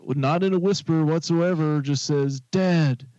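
A man co-hosting a casual podcast chat, telling stories with dry, deadpan humor. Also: fairly high pitch, normal speed, no room sound. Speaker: podcast co-host. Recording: dull lo-fi podcast audio.

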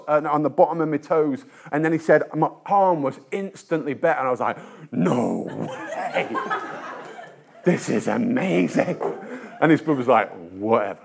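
Guy preaching, kinda high voice, chatty storytelling, lots of uh and restarts, pokes fun at himself. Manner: storytelling, with frequent hesitations and restarts; conversational and self-deprecating. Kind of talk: sermon.

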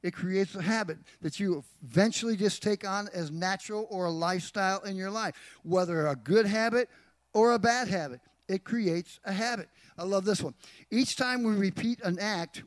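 Middle-aged male pastor, high voice, dry close sound, emphatic sermon delivery with rhetorical questions. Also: moderate pace, no room sound. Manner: emphatic preaching with rhetorical questions, acts out quotes.

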